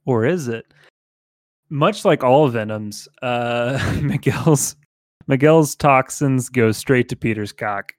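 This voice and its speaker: Recorded in a clean studio with no echo, this medium-pitched podcast co-host jokes his way through reading fan fiction aloud. His casual chat is punctuated by laughter and brief comic voices.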